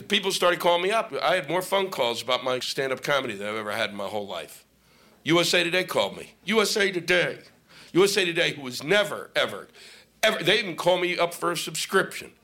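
A man ranting through a stand-up set, his pitch leaping up high and swinging wildly as he works himself up. The live recording carries clear noise from the room around him. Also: bright, forceful tone. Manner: profane, ranting, sarcastic. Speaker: stand-up comic. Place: live comedy venue with laughing audience.

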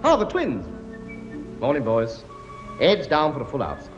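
A man's voice: mid-range voice, huge pitch swings, unhurried, muffled recording, faint music behind. A man playing a blustering king who bosses his many children, talking brashly and cracking jokes in a studio comedy sketch. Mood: bossy. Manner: brash, bossy, wisecracking. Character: blustering cockney-style king, bossy father of many. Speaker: comic actor playing a king.

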